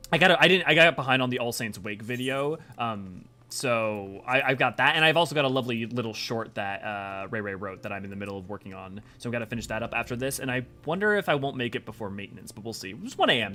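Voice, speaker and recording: A young adult man streaming a game and chatting casually with viewers in an animated, rambling way. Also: mid-range voice. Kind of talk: casual live-stream chat.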